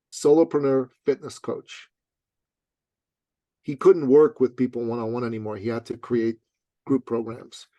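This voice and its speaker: A man's voice: darkish tone, dry recording. A man telling a story as a podcast guest, emphatic and slangy, acting out both sides of the dialogue. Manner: emphatic, slangy, acts out dialogue in high voices. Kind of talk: animated storytelling.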